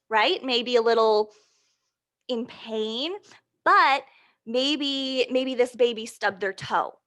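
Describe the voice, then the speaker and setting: A woman leading a children's storytime, animated and prompting her young listeners with questions. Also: on the high side. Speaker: storytime reader.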